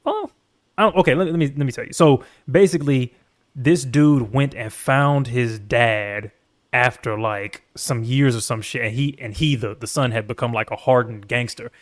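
A man co-hosting a casual reaction chat, telling stories in a rambling, animated way with swearing. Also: medium pitch, moderate pace. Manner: rambling, animated storytelling with profanity. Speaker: podcast co-host.

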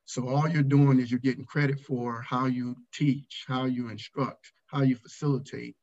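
Middle-aged ex navy chief, candid storytelling, gets fired up, kinda muffled lo-fi sound. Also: male voice, medium pitch, normal speed. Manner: candid, animated when retelling his anger. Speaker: retired navy command master chief, podcast guest. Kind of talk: storytelling in a casual interview.

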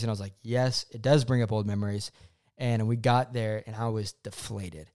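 A man's voice: medium pitch, fairly quick. A young man, co-host of a chat, telling a personal story casually and acting out what he said back then. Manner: animated, acts out his own past quotes.

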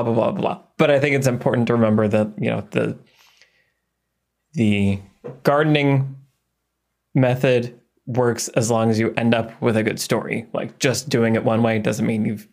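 Gravelly-voiced man rambling on a podcast. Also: mid-range voice. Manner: rambling with many "I think" and "you know". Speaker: podcast co-host. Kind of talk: casual chat about screenwriting.

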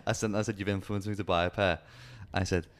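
A man's voice: deep voice, steady tone, fast talker. A man co-hosting a podcast, joking around in a laid-back way and swearing casually. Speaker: podcast co-host. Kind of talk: casual chat.

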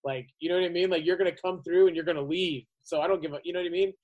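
A man's voice: high-pitched, steady tone, rapid-fire, darkish tone, dull audio. A man telling a profane road story in casual podcast chat, acting out the people he quotes. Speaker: podcast guest.

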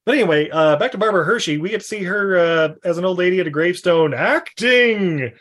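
A man's voice: high-pitched, animated, brisk, fairly bright tone. A man hosting a casual film podcast, telling stories animatedly and acting out quotes with self-deprecating humor. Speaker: podcast host.

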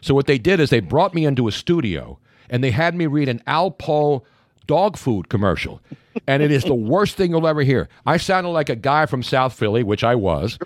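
An older man from Philadelphia hosting a sports radio show, joking and bantering quickly with his guest. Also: medium pitch, very animated, dry recording, studio quality. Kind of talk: casual radio talk.

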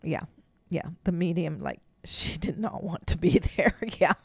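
Woman, podcast co-host, animated storyteller, gravelly, dry close mic. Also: on the low side, unhurried, dry recording. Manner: animated storyteller, laughs often, acts out quotes. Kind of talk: casual storytelling chat.

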